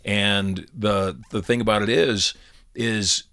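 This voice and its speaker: A man's voice: on the low side, fairly even intonation, slow, vocal fry, bright, forceful tone. A middle-aged man co-hosting a podcast, telling personal stories and acting out quoted dialogue in casual conversation. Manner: storytelling, acts out quoted dialogue. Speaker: podcast co-host.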